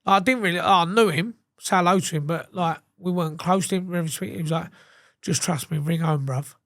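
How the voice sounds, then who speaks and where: A man's voice: high-pitched, fairly quick, fairly bright tone, dry recording, studio quality. Blunt, sweary man. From England. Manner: blunt, sweary, acts out quoted dialogue. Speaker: guest. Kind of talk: casual storytelling.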